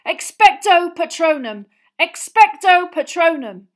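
A woman voicing a desperate teenage boy wizard who yells spell incantations frantically. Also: on the high side, fairly quick, voice pushed up, lightly acted. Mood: desperate shouting.

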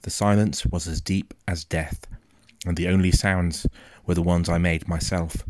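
A man narrating a first-person story in a quiet, measured, suspenseful way. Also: deep voice, steady tone, dry recording, clean studio sound. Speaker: audiobook narrator.

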